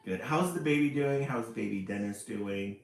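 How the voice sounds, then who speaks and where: A man's voice: fairly low pitch, moderate pace, creaky. A man hosting a casual livestream, greeting viewers by name in a cheery voice that jumps up when he says hello. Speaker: livestream host. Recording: roomy echo with faint music behind.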